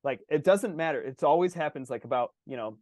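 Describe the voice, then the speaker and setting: A man with a fairly high voice hosts a casual chat, rambling through an animated story with plenty of restarts. He swears freely, and the sound is dry with no room around it. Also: brisk, no room sound. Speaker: podcast host.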